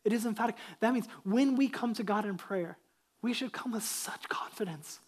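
A man's voice: high voice, fairly quick. A man delivers a sermon from the pulpit with an emphatic, driving manner. He keeps turning to the congregation with rhetorical questions and repeats his key lines for weight. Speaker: pastor.

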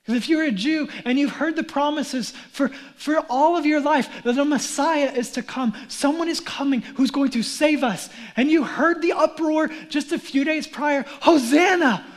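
A man preaching a sermon as pastor, acting out crowd voices and moving from hushed whispers to shouts. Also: extremely high pitch, normal speed, few pauses. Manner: dramatic, acts out mocking crowd voices.

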